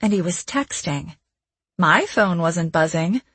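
Woman reading a novel, wry and chatty, slow, breathy, dry close sound. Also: fairly low pitch, lively intonation, a bit bright, no room sound. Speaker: audiobook narrator. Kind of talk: first-person fiction narration.

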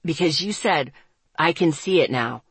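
A woman narrator doing a pushy young man, skeptical and insistent, in a lowered husky voice. The reading is dry and close. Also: lively intonation, normal speed, dry recording, exaggerated voice. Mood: suspicious.

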